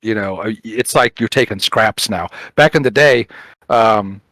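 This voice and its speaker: A man co-hosting a casual podcast, telling work stories with animated quoted dialogue and frequent fillers. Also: lowish voice, unhurried, no echo, low-quality recording. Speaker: podcast co-host, police officer. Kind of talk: casual chat, storytelling.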